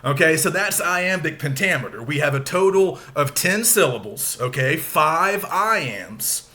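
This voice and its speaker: A man teaching a recorded lecture, explaining slowly and stressing syllables aloud to show the rhythm. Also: on the high side, expressive, bright, forceful tone.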